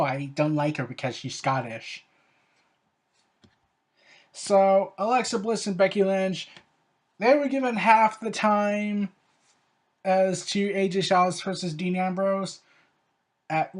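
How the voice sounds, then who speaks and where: A show host giving a casual spoken review, rambling and opinionated, with frequent "like" fillers and sarcastic, ranting asides. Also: mid-range voice.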